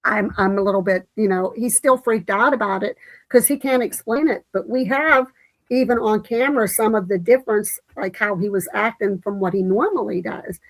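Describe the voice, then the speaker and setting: A woman hosting a casual live-stream chat, telling a story in an animated way and quoting what others said. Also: medium pitch, normal speed, no room sound, low-quality recording. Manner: animated storytelling with quoted voices. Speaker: livestream host.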